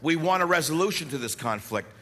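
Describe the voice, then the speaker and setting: A sarcastic male talk radio host gives a fiery political speech to a live audience in a large hall, his pitch very lively and his pace quick. He is impassioned and shouts at times, and the echoey hall carries faint background noise.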